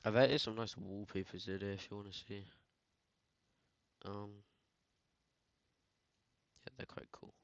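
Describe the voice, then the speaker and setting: A man's voice: lowish voice, steady tone, measured pace, creaky, long pauses, dry recording. Rambling British guy, slangy chat. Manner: rambling, slangy, full of "like" and "bro". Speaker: photo editing streamer. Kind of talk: casual chat while editing. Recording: dull, dry lo-fi sound.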